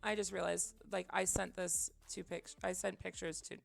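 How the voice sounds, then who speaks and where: Woman streamer, heavy vocal fry, rambling casual chat over faint music. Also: on the low side, level tone, moderate pace. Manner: rambling, self-deprecating, many fillers; drops to quiet mutters while concentrating. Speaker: livestreamer.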